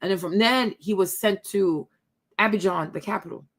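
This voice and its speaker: A woman's voice: medium pitch, normal speed. A young woman from the Ivory Coast who hosts her own channel. She tells a story to her viewers in a casual way, calls them y'all and keeps asking "right?". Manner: chatty, addresses viewers as y'all, many tag questions. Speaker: host.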